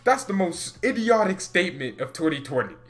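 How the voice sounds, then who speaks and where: A man's voice: high-pitched, big pitch swings, fairly quick, soft background music. A man hosting his own fan channel, ranting heatedly in a casual way with an exasperated manner and bursts of laughter. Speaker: football fan channel host.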